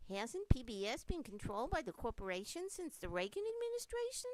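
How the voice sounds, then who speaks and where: A woman's voice: fairly high pitch, wildly swooping pitch, brisk, a little mellow, dry recording. A woman voicing a guilt-ridden, self-styled liberal supervisor in a satirical cartoon, earnest and fretful.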